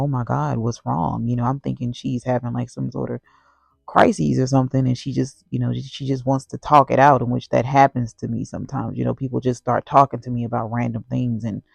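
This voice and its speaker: A woman with a heavily gravelly, creaky voice shares a heartfelt faith testimony in a rambling, casual way, filling every pause with "you know" and "like." Her voice sounds dry and close, with no room echo. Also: a bass voice. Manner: earnest and heartfelt. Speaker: vlogger sharing a personal story.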